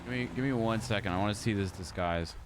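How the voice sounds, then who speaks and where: A man's voice: lowish voice, fast talker, slight background noise. A young man in a role-play game, chatting casually in character in a blunt, teasing way.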